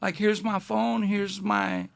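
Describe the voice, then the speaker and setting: La guy, middle-aged, raspy fry all over, high-ish voice, telling stories w/ lots of slang. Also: slow pace. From Northeast Los Angeles. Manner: animated street-slang storyteller, acting out dialogue. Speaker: guest. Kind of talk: casual storytelling interview.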